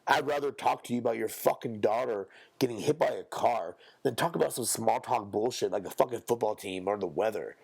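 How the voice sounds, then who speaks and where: A young man, a podcast co-host, ranting bluntly and profanely in casual talk, now and then mocking others in a squeaky high voice. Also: fairly quick, gravelly, few pauses, a little mellow, slightly rough.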